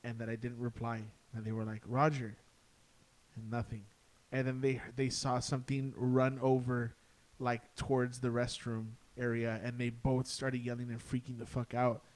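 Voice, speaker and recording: Podcast guest, young man, mid-pitched, rambling ghost story full of swearing and filler words. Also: little pitch movement, normal speed, hardly any pauses, darkish tone. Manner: profane, peppered with "dude" and "like". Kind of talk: casual ghost-story telling.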